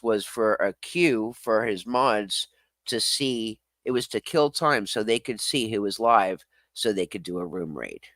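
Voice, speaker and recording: A male streamer with a lowish voice and a dry, close sound, chatting casually with his live audience. He reads their comments aloud and fires back bluntly. He swears freely and laughs often. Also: fairly bright tone, dry recording. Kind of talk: casual livestream, reading chat comments.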